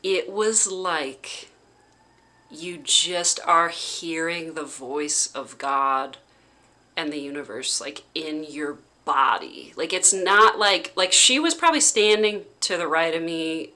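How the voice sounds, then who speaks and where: A woman vlogger recounting a personal experience in casual, halting speech full of "like" fillers. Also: sits low, pushed and bright.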